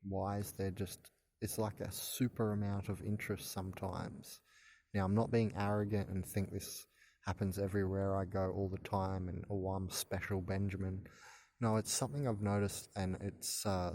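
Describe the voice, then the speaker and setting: A man's voice: on the low side, a little mellow. A man in his thirties hosting his own channel, talking in a rambling, hesitant monologue with stammers and restarts. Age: 30s. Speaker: channel host. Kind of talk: casual spoken monologue to camera.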